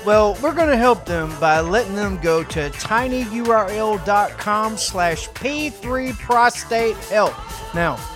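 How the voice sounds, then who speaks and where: Co-host man, high voice, crude jokey ad read. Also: expressive, takes it slowly. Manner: crude, joking. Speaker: co-host of a radio ad spot. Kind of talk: comedic ad read with retakes. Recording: music playing behind.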